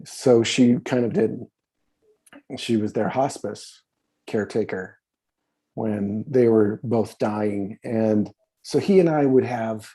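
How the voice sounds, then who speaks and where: A man's voice: fairly low pitch, slow pace, mellow. A man in his fifties, a podcast guest telling stories in a rambling, profane way, full of fillers and restarts. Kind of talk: casual conversational storytelling.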